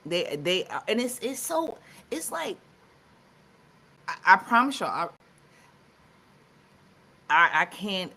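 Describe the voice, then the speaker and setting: A woman's voice: medium pitch, sing-song, takes it slowly, long pauses, pushed and bright. A woman co-hosting a live talk show, chatting casually with lots of fillers and restarts. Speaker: co-host.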